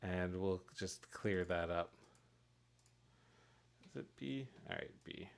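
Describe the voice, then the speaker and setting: On a live stream, a man making pixel art for a game narrates his work casually, thinking aloud and chuckling at his own mistakes. His gravelly voice is low and slow.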